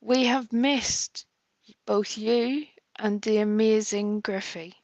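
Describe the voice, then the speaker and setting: A woman's voice: on the high side, takes it slowly, dry recording. A woman hosting a livestream, greeting viewers by name in a chatty, giggly, affectionate way. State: a bit nervous. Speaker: livestream host. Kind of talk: casual chat greeting viewers.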